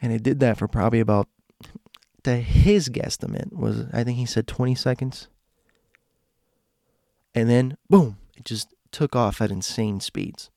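A man telling a story casually, slowing and dropping to a hush at suspenseful moments with dramatic pauses. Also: mid-range voice, vocal fry, dry recording, studio quality.

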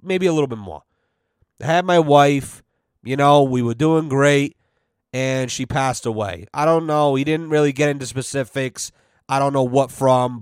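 A man's voice: mid-range voice, smooth, no echo, clean studio sound. A man telling a rambling, profane work story on his podcast, full of fillers and quoted back-and-forth dialogue. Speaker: podcast host. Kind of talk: casual storytelling.

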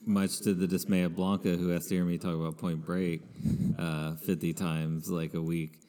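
A man's voice: low-pitched, level tone, moderate pace, mellow, big-room sound. A man hosting a podcast in casual chat, rambling with many fillers. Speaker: podcast host.

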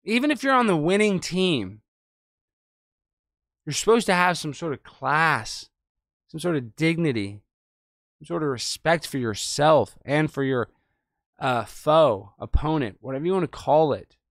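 A man hosting an online show, commenting sarcastically on news clips in a loose, animated way. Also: on the high side, a little slow, pauses often, no echo, studio quality. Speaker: host.

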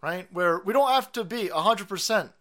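A man hosts a livestream and rants about politics in foul, mocking language. His voice sits fairly high for a man, and he laughs between his jabs. He swings between drawn-out sneers and quick outbursts. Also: animated, a bit bright. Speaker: streamer host. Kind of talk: profane political rant.

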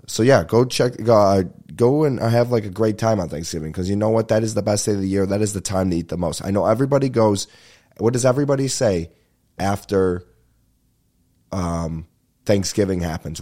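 A young man riffs through a solo podcast in a loose, rambling way. His voice sits on the low side, and he tends to rush his words and swear freely. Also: warm tone. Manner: rambling, swears casually, fast-talking. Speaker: podcast host. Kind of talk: casual solo podcast chat.

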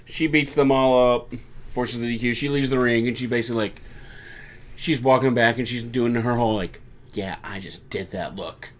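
A man talking through a wrestling broadcast in relaxed, casual chat, a mid-pitched voice. He drops into brief playful imitations of the wrestlers as he recaps. Easygoing podcast delivery. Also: fairly quick, a little hiss or hum.

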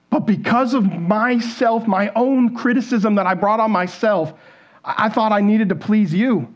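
A fairly high-voiced pastor preaches quite quickly from a church stage, addressing the congregation conversationally. He keeps questioning them and performs quoted inner thoughts, and the sound is a bit dull and lo-fi.

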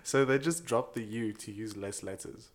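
Young male podcast co-host, playful, quick with jokes and silly voices. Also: lowish voice. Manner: jokey, slips into silly accents. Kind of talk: casual chat.

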